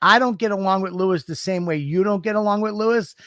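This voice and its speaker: A man co-hosting a podcast in casual chat, excitable and self-mocking, swearing often. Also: high-pitched, fast, clear, resonant tone, no room sound, studio quality. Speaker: podcast co-host.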